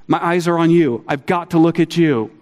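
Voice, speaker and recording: A middle-aged man preaching a sermon, earnest and animated, acting out quotes with a lifted voice. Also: moderate pace. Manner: earnest, animated, acts out quotes with rising pitch. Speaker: pastor. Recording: long hall reverb.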